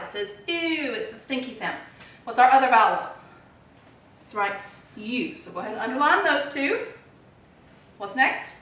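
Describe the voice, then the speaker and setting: Upbeat woman teacher, higher voice, coaxing young pupils through a lesson, answers her own questions; distant mic, heavy room echo. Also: bright, forceful tone. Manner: cheerful, encouraging, asks and answers own questions. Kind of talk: children's phonics lesson.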